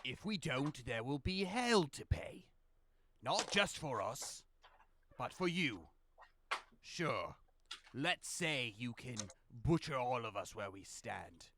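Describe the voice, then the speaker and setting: A man voicing a gruff, swaggering male pirate captain in a tabletop game. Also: mid-range voice, big pitch swings, takes it slowly, noisy background. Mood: threatening.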